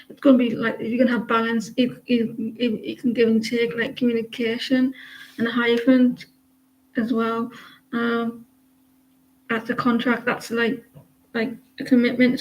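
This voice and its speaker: A woman's voice: fairly high pitch, darkish tone, a little hiss or hum. A woman giving casual live tarot readings, talking hesitantly with many fillers and restarts. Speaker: tarot reader. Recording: dull lo-fi sound.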